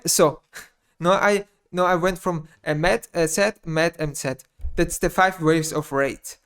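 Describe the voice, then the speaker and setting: A man ranting in a gaming vlog monologue, speaking non-native English with blunt swearing, repeating his phrases and swinging between muttering and loud outbursts. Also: a little high. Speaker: gaming YouTuber.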